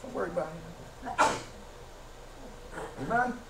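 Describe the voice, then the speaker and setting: Male pastor, very high voice, emphatic sermon delivery, heard from far off in a reverberant church, faint background hum. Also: animated, a little slow, gravelly. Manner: emphatic, rhetorical questions, occasional shouting. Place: church sanctuary. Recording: echoey church from a distance.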